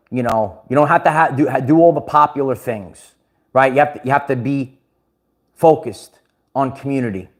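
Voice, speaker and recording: A man hosting a casual livestream, rambling, restarting words and laughing often. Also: medium pitch. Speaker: livestream host.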